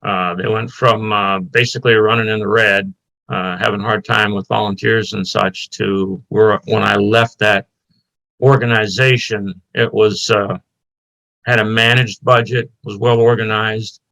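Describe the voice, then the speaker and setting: A middle-aged man with a somewhat low voice lays out his firefighting background in a plain, matter-of-fact way. He pauses often with fillers as he works through his answer to the board. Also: steady tone, gravelly, bright, forceful tone, low-quality recording. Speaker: interim fire chief candidate. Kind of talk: job interview at a public meeting.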